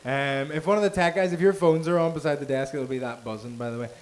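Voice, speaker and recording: High-voiced comedy host teasing the crowd. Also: male voice, fast talker. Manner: teasing, swearing, laughing between lines. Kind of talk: crowd work at a comedy night. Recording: noisy live room mic.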